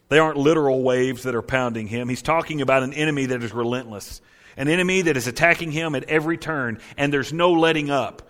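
A male pastor delivering a sermon with a mid-pitched voice. He reads passages of scripture aloud and swings between hushed, quiet phrases and loud, emphatic bursts.

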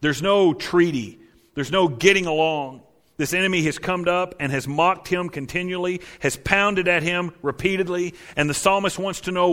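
A man preaching a sermon, reading scripture aloud and swinging between quiet, hushed lines and loud, emphatic ones. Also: high voice, moderate pace. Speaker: pastor.

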